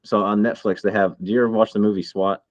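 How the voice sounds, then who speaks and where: A man's voice: lowish voice, flat delivery, quick pace, no echo. A man in his thirties co-hosting a casual podcast chat, heated and swearing a lot. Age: 30s. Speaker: podcast co-host.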